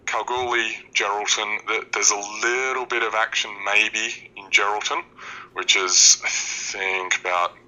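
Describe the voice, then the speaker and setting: Deep, sharp-toned Australian man. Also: fairly even intonation, unhurried, poor audio. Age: 30s. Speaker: caller. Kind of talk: casual call-in chat.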